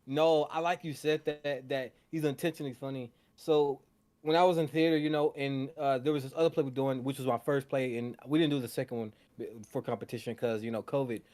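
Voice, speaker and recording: A man's voice: medium pitch, steady tone, a little fast, darkish tone. A young man co-hosting a podcast, chatting casually about a film and acting out scenes in raised voices. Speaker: podcast co-host. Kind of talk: casual chat.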